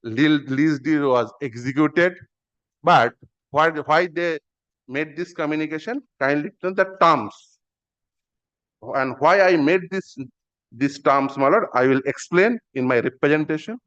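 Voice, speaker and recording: A man argues his case in a courtroom. He is formal and deferential, and he keeps addressing the bench as "my lord." His voice is smooth and a little high, and the live-stream audio sounds dull and muffled. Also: a little slow, a bit bright. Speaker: petitioner arguing in court. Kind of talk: courtroom argument.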